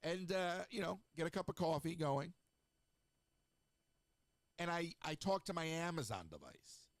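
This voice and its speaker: A middle-aged man hosting a radio show, chatting in a snarky, rambling way with lively asides. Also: a little high, unhurried, no room sound. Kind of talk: casual solo radio talk.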